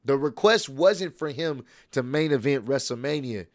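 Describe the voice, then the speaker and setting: A man's voice: medium pitch, animated, normal speed, no room sound, clean studio sound. A young man hosting a casual wrestling recap, retelling events and acting out the wrestlers' lines with swearing and energy.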